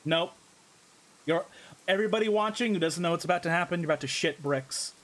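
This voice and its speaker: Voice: medium pitch, fairly quick, a bit bright, a little hiss or hum. A streamer with a Midwestern American accent giving blunt, profane commentary while playing a game. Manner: blunt, swearing, laughing asides. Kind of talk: let's-play commentary.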